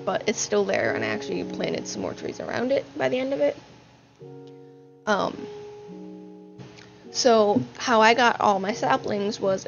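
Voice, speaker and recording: A woman's voice: mid-range voice, creaky. A woman narrating her gaming session in a chatty, upbeat way, with fillers and a slightly breathless voice. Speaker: gaming channel host. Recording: dull lo-fi sound with music behind. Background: music.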